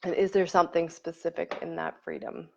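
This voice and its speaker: A woman coach leading a live online workshop, talking casually and warmly to viewers and greeting commenters by name. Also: on the low side, level tone, a little fast, vocal fry, slight background noise. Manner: warm and effusive, reads and greets commenters. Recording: slightly dull lo-fi stream audio.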